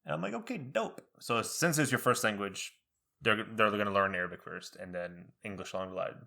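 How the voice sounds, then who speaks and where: A man's voice: on the low side, creaky. A young man co-hosting a podcast, telling stories in casual chat and laughing between asides. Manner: laughing, animated storytelling with quick asides. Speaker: podcast co-host.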